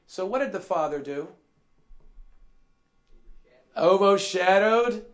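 A man preaching a sermon, emphatic and repetitive, asking his listeners questions and swinging from soft asides to shouted emphasis. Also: high-pitched, expressive, slow. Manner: emphatic, repeats key phrases, asks the congregation questions.

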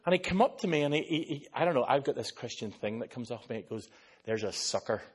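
Husky Irish preacher. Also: male voice, medium pitch, fast. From Ireland. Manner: animated preacher who tells stories and slips into voices. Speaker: pastor. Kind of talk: sermon.

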